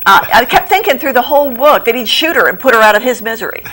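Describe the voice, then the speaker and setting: A woman's voice: quick pace, low-quality recording. Chatty middle-aged woman telling book stories. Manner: chatty, animated storyteller who laughs often; acts out quoted lines in a higher voice. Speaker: bookstore owner, guest. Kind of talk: casual TV interview chat. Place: local TV studio.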